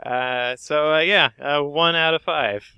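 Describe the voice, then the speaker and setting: A man co-hosting a podcast in casual chat, mild and hesitant, filling pauses with uhs and small laughs. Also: fairly high pitch, fairly even intonation, bright, forceful tone, clear, resonant tone, highs cut off. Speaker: podcast co-host.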